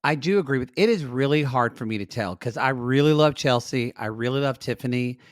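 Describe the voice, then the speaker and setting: A man co-hosting a casual recap podcast, earnest and openly emotional. His voice sits mid-pitch for a man. The recording is dry and close. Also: brisk, no echo. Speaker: podcast co-host.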